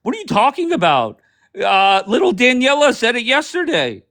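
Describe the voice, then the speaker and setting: A man's voice: very high voice, huge pitch swings, moderate pace, a bit bright. A man hosting a livestream, ranting sarcastically over clips with plenty of swearing. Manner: sarcastic, profane, heated. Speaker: livestream host.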